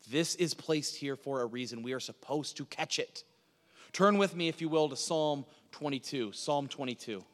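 A pastor preaching a sermon, swinging from hushed lines to loud, urgent passages. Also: male voice, medium pitch, measured pace, long reverb tail.

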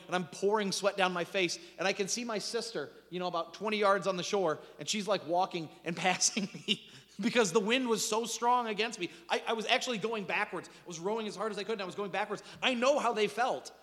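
A man preaching a sermon in an animated storytelling manner, with dramatic swings in pitch and loudness. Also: a little fast, big-room sound. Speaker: pastor.

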